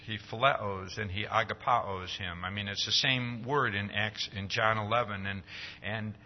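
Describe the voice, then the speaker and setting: A man's voice: steady tone, moderate pace. Male preacher, conversational sermon, keeps asking "See?", slightly dull recording. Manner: acts out quoted dialogue with rising pitch.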